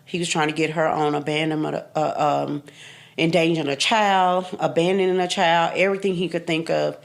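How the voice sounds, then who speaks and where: This podcast guest, a woman in her fifties, talks fairly quickly in a low, creaky voice with fairly even intonation. She's blunt about her own life, emphatic with repeated phrases, and laughs occasionally through hard memories.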